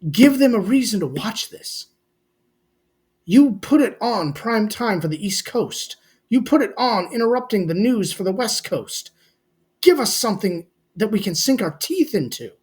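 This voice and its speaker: High-voiced man ranting about wrestling. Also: sing-song, a little slow, a little mellow, slightly rough. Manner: blunt, swears casually, addresses fans as "boys". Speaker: wrestling commentary vlogger. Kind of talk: casual opinionated recap rant.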